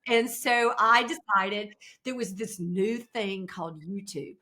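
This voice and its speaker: A woman's voice: mid-range voice, takes it slowly. A woman in her fifties from South Carolina with a Southern American accent, a podcast guest chatting casually and telling stories with lots of laughter. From South Carolina, USA. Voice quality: animated storyteller, laughs often, playful voices in quotes. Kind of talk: casual interview chat.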